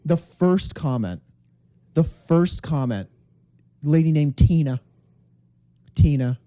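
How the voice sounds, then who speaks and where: A man co-hosting a comedy podcast, telling crude, animated stories and acting out voices in casual chat. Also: on the high side, takes it slowly. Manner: crude, animated storyteller who acts out voices. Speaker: podcast co-host.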